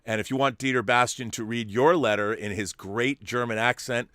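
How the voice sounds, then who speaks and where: A man hosts a relaxed livestream, reading out viewers' messages and responding off the cuff with quick asides. His voice sits at an ordinary middle pitch. The sound is close and dry, with no room behind it. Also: no echo. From California. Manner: chatty, quick asides and chuckles. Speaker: show host reading super chats. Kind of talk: casual livestream chat.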